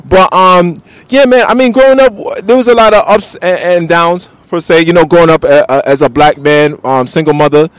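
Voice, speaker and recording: A man's voice: a little high, moderate pace, few pauses, smooth, dry recording. A man, talking casually as an interview guest and laughing easily. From United States (Bronx), raised partly in Jamaica. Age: 30s. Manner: relaxed, laughs easily, peppered with "you know what I'm saying".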